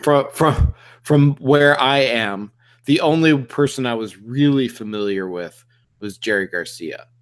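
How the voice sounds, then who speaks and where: A man with an average, everyday voice leading a relaxed conversation, prompting his co-hosts with questions and playful challenges. He trails off quietly at the ends of his sentences. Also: mid-range voice, a little slow. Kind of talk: casual chat.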